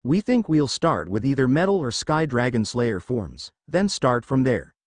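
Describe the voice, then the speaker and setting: A man voicing a husky, forceful dragon spirit, in a fan fiction reading. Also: medium pitch, sing-song, a little slow, no echo.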